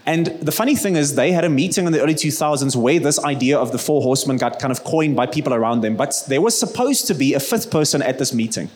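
A man's voice: mid-range voice, expressive, fast talker, few pauses, a little mellow. A man giving an earnest, conversational sermon and leading a prayer, telling stories with casual fillers. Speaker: preacher.

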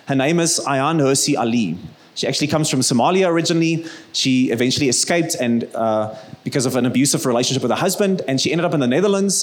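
A man giving an earnest, conversational sermon and leading a prayer, telling stories with casual fillers. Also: fairly high pitch. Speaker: preacher.

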